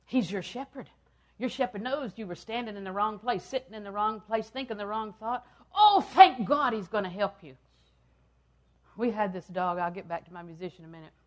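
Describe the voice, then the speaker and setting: An older woman preaching a sermon, repeating phrases for emphasis and swinging from loud, emphatic lines down to hushed ones. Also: medium pitch, fairly quick.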